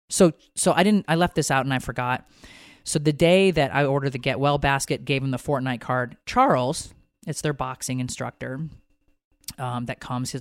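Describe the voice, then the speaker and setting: A woman's voice: rumbling low, no room sound. A woman co-hosting a podcast in casual chat, rambling and emotional, swearing freely. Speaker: podcast co-host.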